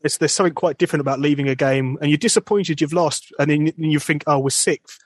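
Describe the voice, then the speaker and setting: Chatty high-voiced male host. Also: fairly even intonation, fast talker, no echo, studio quality. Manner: chatty, laughing, stumbling questions. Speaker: podcast host. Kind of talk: casual interview chat.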